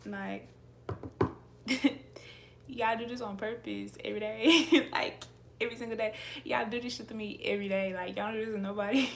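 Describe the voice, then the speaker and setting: Wściekła kobieta przeklinająca do widzów. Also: female voice, mid-range voice, steady tone, normal speed, creaky, slight background noise. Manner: angry, profane, repetitive, laughing. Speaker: tarot reader. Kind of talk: ranting to livestream viewers.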